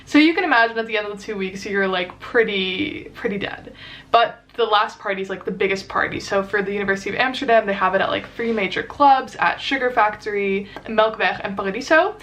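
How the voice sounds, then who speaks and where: Speaking in a slightly bright, mid-range voice, a young woman chats through a dating story for her vlog. Her delivery is fast and loaded with fillers, and she acts out the quotes.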